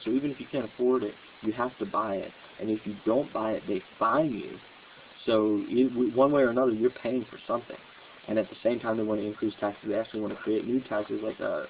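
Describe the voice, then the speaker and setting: A low, gravelly male voice rambles through a political monologue, halting often and leaning on fillers. It sounds squeezed through a phone-like line, with a faint hiss underneath. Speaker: political podcast host. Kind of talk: casual monologue.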